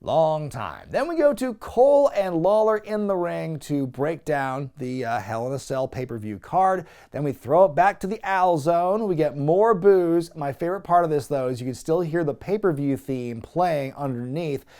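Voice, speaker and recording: A man hosting a wrestling review show, giving a casual, sarcastic, animated recap with some swearing. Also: a little high, moderate pace, hardly any pauses.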